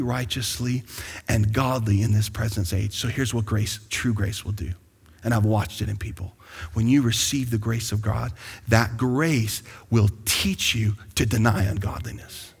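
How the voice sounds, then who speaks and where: A man preaching a sermon as pastor to his congregation, calling out to them and building to excited bursts. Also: medium pitch, slightly rough. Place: large church sanctuary. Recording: long hall reverb.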